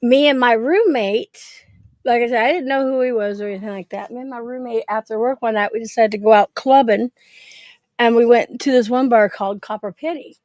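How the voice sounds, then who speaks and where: A middle-aged woman chatting casually and spinning stories, laughing easily and dropping the odd swear word. Her voice sits a little high, and the recording is close and dry, with no room around it. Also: fairly quick, a little mellow, no room sound. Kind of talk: casual chat, storytelling.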